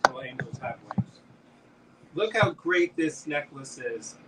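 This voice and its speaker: A man's voice: fairly high pitch, animated, slow, distant mic, heavy background noise. A man hosting a live-stream jewelry auction, chatting as he describes pieces and calls out bids. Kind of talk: live auction selling chat.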